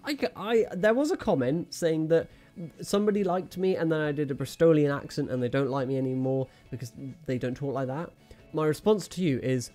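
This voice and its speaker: Guy yelling and joking through his football game, voice jumping all over the place. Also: on the high side, brisk, faint music behind. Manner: excitable, jokey, talks to viewers and himself. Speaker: gaming channel host. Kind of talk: live video game commentary.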